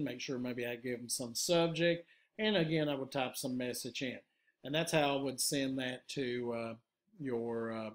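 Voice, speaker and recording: A man who is a teacher, giving a patient step-by-step software tutorial to his students, with frequent "uh" fillers. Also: on the high side. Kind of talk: screen-recorded software tutorial.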